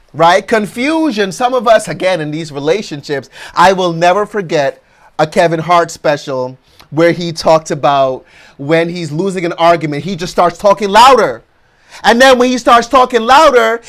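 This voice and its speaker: A man preaching a motivational sermon, swinging between loud affirmations and soft, low asides and often checking in with "right?".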